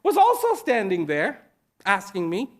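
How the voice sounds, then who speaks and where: A man giving a speech to an audience, slow and deliberate, pausing between short phrases and repeating key words for emphasis. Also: high-pitched, wildly swooping pitch. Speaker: invited speaker. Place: event at a large international venue.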